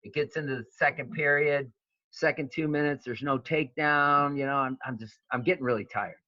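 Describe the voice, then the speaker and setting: Bright-voiced man telling a story. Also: mid-range voice, fairly quick, dry recording. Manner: animated storyteller, many fillers and restarts. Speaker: wrestling coach. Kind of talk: storytelling interview. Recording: dull lo-fi sound, dry.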